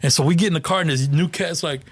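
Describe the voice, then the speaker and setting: Quick-talking guy telling cop stories, lots of "man" and "bro", pretty high voice. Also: no echo. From Kansas City, USA. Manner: animated storyteller, acts out quotes, says "man" and "bro" a lot. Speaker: police officer guest. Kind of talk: casual storytelling in a podcast chat.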